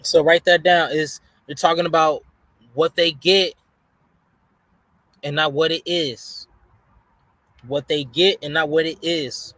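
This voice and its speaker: A man hosting a reaction video, cutting in with casual, slangy motivational lessons. His voice sits a bit high for a man and sounds dry and close to the mic. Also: fairly even intonation, slow, pauses often, pushed and bright, dry recording. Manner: preachy, slangy, motivational asides. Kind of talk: casual commentary.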